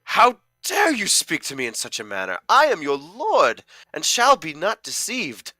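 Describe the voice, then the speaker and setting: A man reading a jilted young lover's lines in hammy Shakespearean verse, melodramatic and rising to anguished shouts. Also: on the high side, huge pitch swings, measured pace, no room sound, voice pushed up, exaggerated voice.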